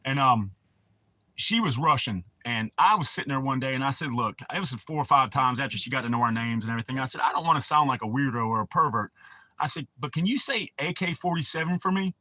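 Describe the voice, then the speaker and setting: A man's voice: mid-range voice, expressive, fast, pushed and bright, no echo. A man, hosting a casual livestream and rambling crudely with a lot of swearing. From United States. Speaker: livestream host.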